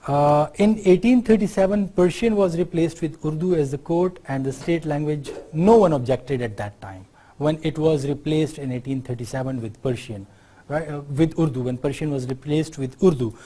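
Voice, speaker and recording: With a fairly high, warm voice at a moderate pace, this man from Pakistan lectures at a university in a Pakistani accent. His style is explanatory, and he often turns to the students with tag questions to make sure they're following.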